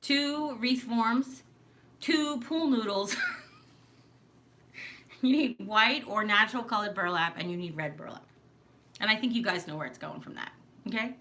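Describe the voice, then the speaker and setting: Bright-voiced woman with a New York accent. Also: a little high, measured pace, long pauses. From New York, Long Island. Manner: rambling, self-interrupting, laughs often. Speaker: live stream host. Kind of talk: casual live stream chat.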